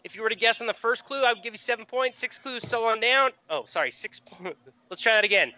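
A man's voice: very high voice, pushed and bright, lo-fi sound. A man hosting a podcast, chatting casually and explaining a quiz game in an upbeat way. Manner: quick, upbeat, explains rules. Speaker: podcast host.

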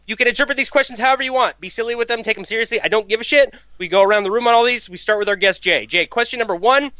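A man's voice: extremely high pitch, very fast, pushed and bright, no room sound, muffled recording. A man hosting a casual film podcast, joking and swearing offhandedly as he steers the talk. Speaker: podcast host.

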